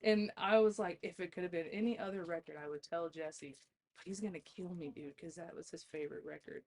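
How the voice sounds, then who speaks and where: A woman's voice: fairly low pitch, a little fast, darkish tone. A woman guest on a podcast, telling stories in a casual chat, laughing often and swearing freely.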